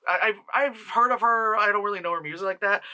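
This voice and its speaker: Bright, sharp voice, rambling casual movie review, profane, mock character voices, tri-state origin. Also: mid-range voice, fast talker, clear, resonant tone. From New York tri-state area.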